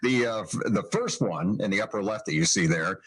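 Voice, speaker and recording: A man's voice: on the low side, animated, brisk, fairly bright tone, slightly rough, no room sound, low-quality recording. A man from Northeast Indiana hosting a radio show, chatting casually and chuckling often as he reads through a list. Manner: amused, chuckling often while reading.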